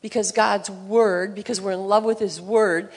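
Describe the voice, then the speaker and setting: Woman, earnest sermon, gravelly voice, reverberant church hall. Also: mid-range voice, fairly even intonation, moderate pace, a little mellow. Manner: earnest, speaks of trusting God.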